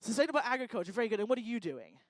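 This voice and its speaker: A woman's voice: on the high side, animated, rapid-fire, dry recording. A woman hosting a live event on stage, teasing and joking with the audience in casual crowd work. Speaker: event host. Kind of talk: stand-up style crowd work. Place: lecture hall stage.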